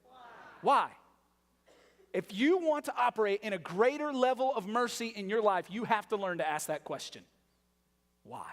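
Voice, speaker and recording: Male pastor, high-pitched, emphatic preaching with loud and hushed passages, recorded in a reverberant church hall. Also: lively intonation, moderate pace. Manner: emphatic, rhetorical questions, shifts from loud to hushed. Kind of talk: sermon. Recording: long reverb of a large hall.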